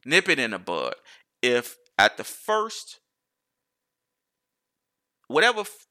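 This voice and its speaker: Man, casual solo rant, bright tone, profane, rambling restarts. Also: medium pitch, huge pitch swings, slow pace. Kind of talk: casual monologue.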